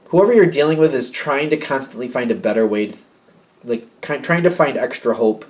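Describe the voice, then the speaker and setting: A man's voice: medium pitch, expressive, fairly quick. A man giving a casual, intuitive tarot reading in a rambling, emotional way. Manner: rambling and emotional, often acting out the people in the reading. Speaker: tarot reader. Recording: slightly distant mic with faint noise.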